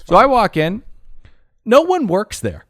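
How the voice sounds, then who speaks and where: A man's voice: sits high, wildly swooping pitch, a little slow, fairly bright tone, dry recording, studio quality. A man co-hosting a podcast, telling a story in a casual, exasperated way and swearing freely. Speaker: podcast co-host.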